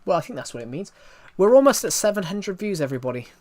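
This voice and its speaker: A man's voice: high-pitched, sing-song, quick pace, darkish tone. A young man chatting casually on a live game stream. He tells stories in a rambling way and pokes fun at himself. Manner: rambling, self-mocking storytelling.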